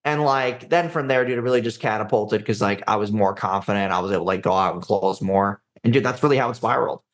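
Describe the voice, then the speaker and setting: A man's voice: lowish voice, quick pace. Brash, profane young guy telling stories. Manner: brash, profane, says "dude" and "like" often. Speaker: podcast guest, agency founder. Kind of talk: casual storytelling interview.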